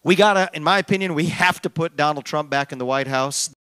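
Animated man rallying a town hall crowd. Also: fairly high pitch, fast, smooth. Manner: fluent, animated, jokey asides, rallying. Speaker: featured speaker hosting a town hall. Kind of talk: public town hall remarks.

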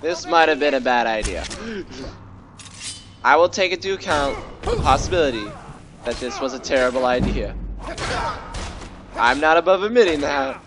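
With game music and a noisy background behind him, a man with a slightly high, animated voice narrates a casual let's-play at normal speed, leaving long pauses. He jokes around and shifts into silly voices.

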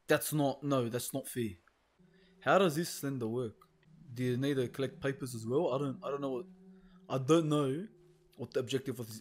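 A young gaming video host plays a horror game alone at home, commenting nervously, hesitating, and swearing. His voice is mid-range and a little mellow.

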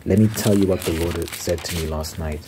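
A man reading the lines of a stern old male prophet rebuking a king, in a solemn, measured ASMR scripture reading. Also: low voice, background noise, close to an everyday voice.

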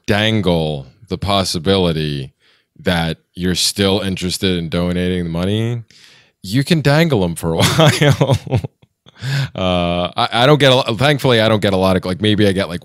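A man with a very low, smooth and resonant voice, talking casually on a podcast. He rambles, restarts his sentences and laughs often. The sound is dry and close. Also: no echo. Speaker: podcast co-host. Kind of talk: casual chat.

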